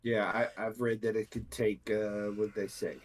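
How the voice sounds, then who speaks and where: A man from the United States with a low, husky voice, co-hosting a casual podcast. He rambles through his points with plenty of restarts and fillers. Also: level tone, normal speed. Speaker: podcast co-host. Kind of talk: casual chat.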